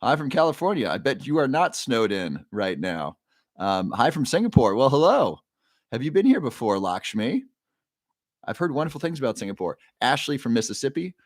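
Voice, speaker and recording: Very animated and speaking at normal speed, this mid-range male host runs a casual livestream, happily welcoming viewers by name and reading out their comments amid frequent fillers. His new microphone gives studio-quality sound with no room tone.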